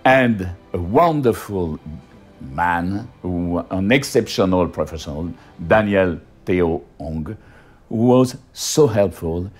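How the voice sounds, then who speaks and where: Slow, low-voiced Frenchman. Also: expressive, husky, soft background music. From France. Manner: hesitant, restarts often with fillers. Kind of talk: interview testimony.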